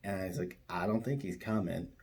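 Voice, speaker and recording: A man's voice: deep voice, fairly quick, a little mellow, husky. A man telling an absurd made-up story in a straight, matter-of-fact comic way. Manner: absurd tall tale told matter-of-factly.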